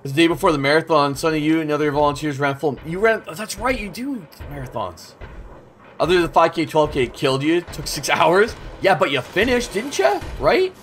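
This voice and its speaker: A man's voice: a little high, sing-song, brisk, a little hiss or hum. A man in his thirties streaming a game, chatting casually with chat and swearing as he plays. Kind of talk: casual gameplay commentary.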